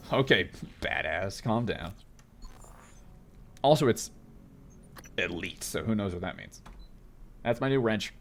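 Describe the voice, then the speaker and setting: Lively, joking man playing a game. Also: on the low side, takes it slowly, pauses often. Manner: joking, reacts with laughs, reads on-screen text aloud. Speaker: gaming video host. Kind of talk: casual let's play commentary.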